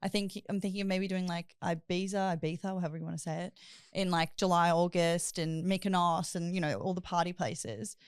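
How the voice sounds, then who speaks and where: A woman's voice: on the low side, steady tone, brisk, smooth, no room sound, clean studio sound. A young woman hosting a podcast, chatting in a bubbly, giggly storytelling way. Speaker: podcast host. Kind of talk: casual chat.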